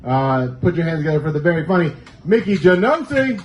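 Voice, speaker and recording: A man with a high voice introduces comics at a comedy contest. His introductions are brief and upbeat. The room is clearly noisy behind him. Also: big pitch swings, brisk. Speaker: show host introducing comics. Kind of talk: emcee introductions.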